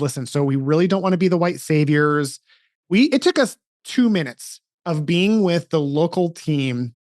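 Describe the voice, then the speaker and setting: A man's voice: fairly high pitch, dry recording, clean studio sound. A middle-aged man, a podcast host, telling a personal story earnestly in casual interview chat, often restarting his sentences.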